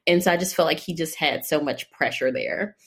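A woman's voice: deep voice, fairly quick. A woman casually telling a personal story, laughing often and acting out what others said. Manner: laughs often, animated in retelling; acts out other people's lines.

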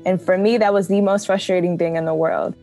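Emotional woman recounting, low-pitched. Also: fairly even intonation, fairly quick, warm tone, faint music behind, rough recording. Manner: candid, emotional, laughs through hard moments. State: emotional, close to tears. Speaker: photojournalist. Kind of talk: personal storytelling interview.

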